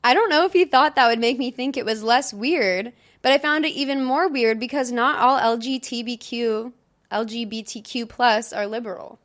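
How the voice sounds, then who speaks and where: A woman's voice: on the high side, normal speed. A young woman co-hosting a casual podcast, reading stories aloud in a chatty way and laughing often. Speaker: podcast co-host.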